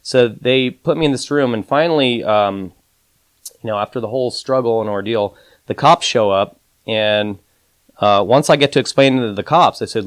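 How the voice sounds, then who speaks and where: Recorded dry, a man of medium pitch speaks at a moderate pace as a guest on a podcast. As an advantage gambler recounting a story, he talks casually with lots of fillers and "you know," performing quoted lines in a raised voice.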